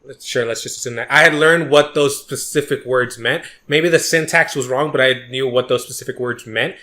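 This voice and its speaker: Bright-voiced man telling a rambling story. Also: medium pitch, moderate pace. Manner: rambling, profane, many restarts. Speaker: podcast co-host. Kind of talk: casual chat, storytelling.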